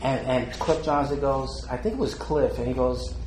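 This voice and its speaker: A man's voice: medium pitch, steady tone, normal speed, darkish tone. Older man, interview, heartfelt rambling stories, lots of fillers, roomy echo, faint background hum. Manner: heartfelt, rambling, laughs often, with many fillers. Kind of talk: casual storytelling.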